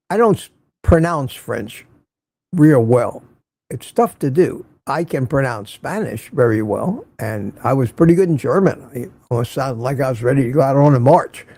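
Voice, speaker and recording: A man's voice: mid-range voice, darkish tone. A man hosting a casual morning livestream, greeting viewers by name and reading their chat messages, chatty and chuckling often, repeating himself.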